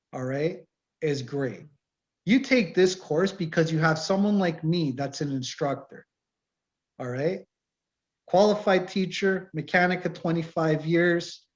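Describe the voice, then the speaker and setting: Animated male mechanic instructor, muffled call audio. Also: on the high side. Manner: animated, tells shop stories, acts out customers. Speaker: automotive course instructor and mechanic. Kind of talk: casual online info session. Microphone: video call.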